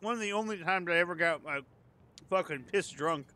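A man's voice: high-pitched, fairly quick, pushed and bright. A man giving casual, sweary, joking commentary while streaming a game. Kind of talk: casual let's play commentary.

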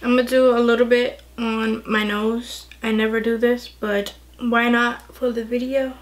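A young woman chatting excitedly through a casual makeup tutorial, gushing over the products. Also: a little high, measured pace. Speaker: beauty vlogger.

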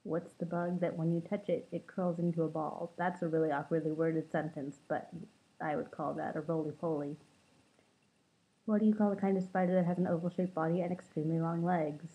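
A woman's voice: sits low, steady tone, a little fast. A woman of twenty-two from Los Angeles, chatting casually to camera as she reads out prompts and adds dry, self-mocking asides. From Los Angeles, California. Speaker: vlogger. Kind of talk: casual accent-tag vlog, reading prompts aloud. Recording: tinny phone-like lo-fi sound.

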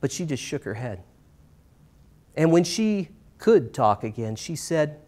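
Middle-aged man telling a story on stage. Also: fairly high pitch. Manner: expressive, swinging from bright to hushed with dramatic pauses. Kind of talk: live storytelling performance. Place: stage in a small performance space.

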